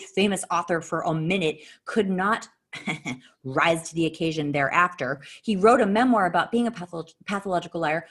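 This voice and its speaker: Woman, low-ish voice, swears freely, blunt and animated; casual podcast storytelling. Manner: profane, blunt and emphatic; animated, with sharp jumps in pitch.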